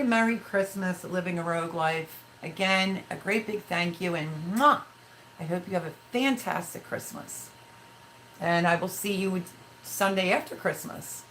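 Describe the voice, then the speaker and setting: A woman in her fifties chats through a live stream, reading out viewer comments and drifting into emotional personal stories. Her voice sits a little on the low side. A faint hiss of background noise runs under the recording. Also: a bit bright, low-quality recording. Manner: chatty, emotional storytelling, reads viewer comments aloud. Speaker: livestream host. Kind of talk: casual livestream chat with viewers.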